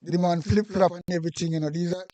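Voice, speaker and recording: High-voiced Jamaican man ranting. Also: fairly even intonation, fast, dark tone, no room sound, dull audio. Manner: heated, repetitive, patois-laced rant. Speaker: commentator. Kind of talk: casual political commentary.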